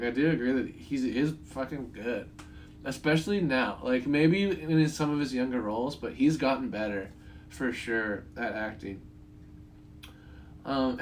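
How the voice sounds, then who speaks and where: A man's voice: mid-range voice, slight background noise. A young man reviewing a movie in casual talk, rambling, swearing freely and chuckling at his own points.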